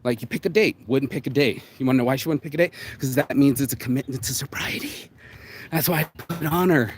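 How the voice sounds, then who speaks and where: A man hosting his own show, ranting bluntly in a solo monologue, swearing often and jumping suddenly up and down in pitch. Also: fast talker, a little hiss or hum. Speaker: show host.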